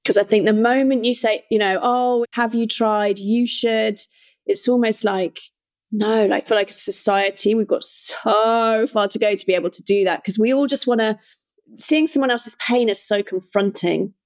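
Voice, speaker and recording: A woman hosts a podcast interview, speaking in a reflective, emphatic manner. She brings the ease of a trained coach. Her voice sits in an ordinary middle pitch. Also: normal speed. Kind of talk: conversational interview.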